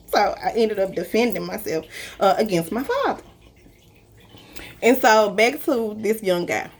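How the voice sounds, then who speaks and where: Woman telling her story with frequent laughs. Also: fairly high pitch. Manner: emotional, laughs often, addresses listeners as y'all. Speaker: spiritual reader sharing her story. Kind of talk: casual personal storytelling.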